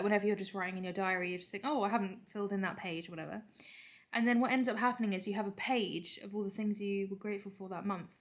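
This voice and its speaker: A young woman vlogging in a relaxed, chatty way, talking straight to her handheld camera with quick asides. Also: mid-range voice. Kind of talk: casual vlog chat. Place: home, then an outdoor restaurant. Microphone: handheld camera or phone.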